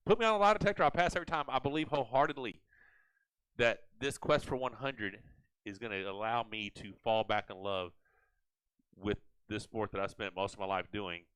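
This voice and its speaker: A man hosting a casual live chat, animated and rambling with frequent restarts. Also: medium pitch, clean tone, dry recording, low-quality recording. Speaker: host.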